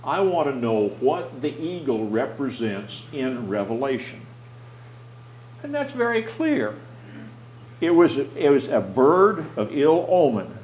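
Leading a Bible study, a mid-pitched man with a somewhat mellow tone gives straightforward explanations and pauses to quiz the group. His phrasing often starts over as he gathers his thoughts. A faint hum sits beneath the roomy sound.

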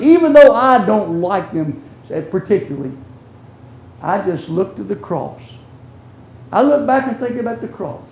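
Folksy older preacher in an echoey church. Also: male voice, sits high, very animated, unhurried, vocal fry. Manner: folksy, earnest, swings from loud to hushed. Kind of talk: sermon storytelling.

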